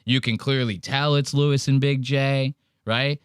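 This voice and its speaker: A man's voice: medium pitch, steady tone, measured pace, clear, resonant tone, no echo. Male podcast host, casual profane banter, dry sound. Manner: profane, joking, acts out quotes. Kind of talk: casual reaction chat.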